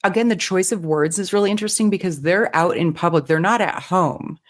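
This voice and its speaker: A woman's voice: on the low side, a little fast. A woman co-hosting a casual film podcast, picking apart the details and word choices. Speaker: podcast co-host.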